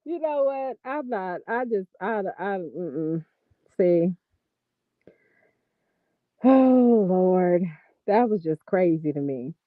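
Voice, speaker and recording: A woman giving casual gossip commentary on a vlog, talking in an animated, profane, exasperated ramble. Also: on the low side, a little slow, no room sound, narrow, tinny audio. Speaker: vlogger.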